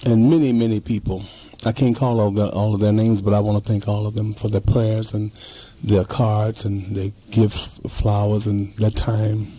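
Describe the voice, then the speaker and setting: Man in his fifties, husky and warm, talks emphatically and repeats himself. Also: lowish voice, little pitch movement, moderate pace. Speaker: interview guest. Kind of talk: casual interview chat.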